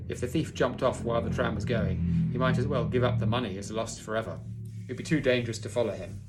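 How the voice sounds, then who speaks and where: A man with a low-set voice reads a children's novel aloud, expressively. He sometimes breaks off for a relaxed aside to the listener before diving back into the story. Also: a little hiss or hum. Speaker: audiobook reader.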